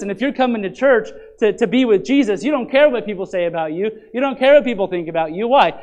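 A man's voice: high voice, quick pace, hardly any pauses, low-quality recording. A man preaching a sermon as pastor, explaining scripture and asking the listeners questions. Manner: animated preaching, asks the congregation questions.

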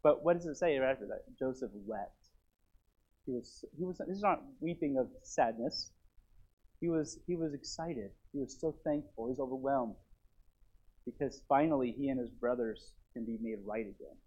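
A man's voice: mid-range voice, moderate pace, slightly rough. Earnest preacher man, lo-fi sound. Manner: rises to emphatic then drops to quiet earnest. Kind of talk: sermon. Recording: dull lo-fi recording.

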